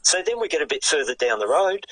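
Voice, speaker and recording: An older man with an Australian accent, a guest telling a story in a lively, casual way and swearing freely. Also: fairly high pitch, fast, no room sound, poor audio. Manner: animated yarn-spinning with casual swearing. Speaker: guest, retired sidecarcross racer.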